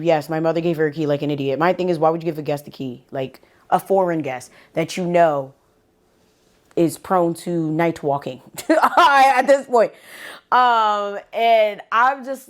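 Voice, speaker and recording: A woman vlogger telling a story in an animated, profane way, with laughing asides. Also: on the low side, measured pace. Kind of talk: storytime vlog.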